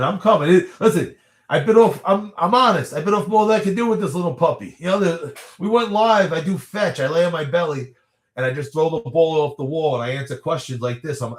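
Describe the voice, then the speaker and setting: A man's voice: fairly high pitch, a little fast, echoey room. A man in his thirties hosting a casual livestream, answering viewer questions in a rambling, chatty way with frequent laughs. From New York area. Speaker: livestream host.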